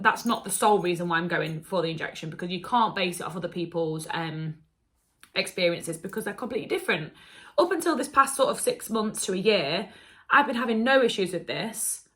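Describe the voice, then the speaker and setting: A woman's voice: medium pitch, a bit bright. A young adult woman, telling a candid story-time vlog in a chatty, emotional way. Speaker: beauty vlogger. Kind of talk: casual confessional story time.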